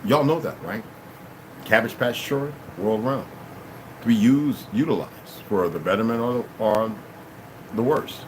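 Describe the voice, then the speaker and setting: A man's voice: lowish voice, expressive, a little slow, pauses often, noisy background. A man hosting his own channel, reading a text aloud and breaking off into casual asides to his listeners. He stumbles over hard words and restarts often. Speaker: channel host.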